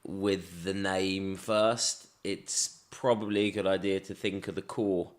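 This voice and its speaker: A man's voice: deep voice, steady tone, slow. A man who is a comedian, guesting on a podcast in casual chat, playful and jokey as he tells stories.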